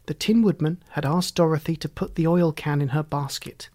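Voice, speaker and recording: Measured storybook narrator, middle pitch. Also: darkish tone. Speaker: audiobook narrator.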